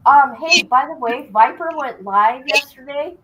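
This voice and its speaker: A woman's voice: sits high, measured pace, very noisy. A woman hosting a livestream, boisterous and laughing as she chats with a guest. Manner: boisterous, laughing, know-it-all banter. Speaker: livestream host. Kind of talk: casual livestream chat.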